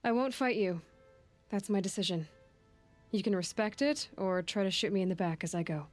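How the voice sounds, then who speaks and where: An actress playing a steady young female hunter in a video game who speaks in a calm, firm, measured way. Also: mid-range voice, faint music behind, close to an everyday voice.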